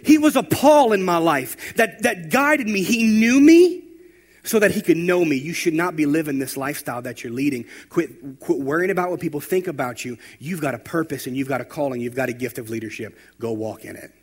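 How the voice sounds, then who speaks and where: A man preaching a sermon, telling stories and building to loud, emphatic exhortation. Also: a little high, animated, fairly quick, slightly rough. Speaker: pastor.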